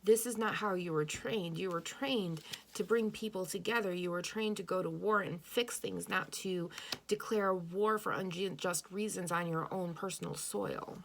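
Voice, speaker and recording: The woman's voice is on the low side and gravelly, at a normal speed, with a little hiss or hum in the recording. Giving an earnest intuitive tarot reading directly to the listener, she repeats phrases and corrects herself while thinking aloud.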